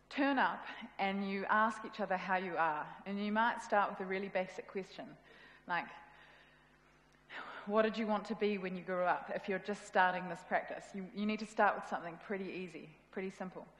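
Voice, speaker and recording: A woman's voice: mid-range voice, normal speed, a bit bright. A woman with a New Zealand accent giving a casual, self-deprecating conference talk. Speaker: conference speaker. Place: event hall. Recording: echoey hall with long reverb.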